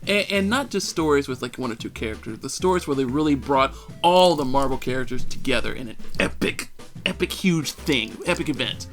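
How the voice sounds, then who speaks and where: A man co-hosts a casual comic-book podcast and chimes in with jokes. His pitch moves a lot as he talks. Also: lively intonation, brisk, a bit bright, soft background music. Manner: joking, chiming in with asides. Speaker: podcast co-host.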